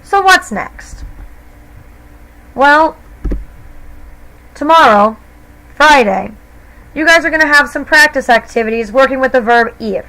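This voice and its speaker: A woman's voice: sits high, expressive, a little slow, pauses often, sharp tone, low-quality recording. A woman teacher explaining grammar to her students patiently, step by step, in a recorded lesson. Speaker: Spanish teacher.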